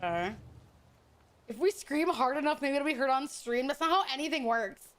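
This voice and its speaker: A woman's voice: high voice, lively intonation, normal speed, fairly bright tone. A woman streaming a game, chatting casually with her viewers in crude, teasing banter and laughing often. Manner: frequent laughter.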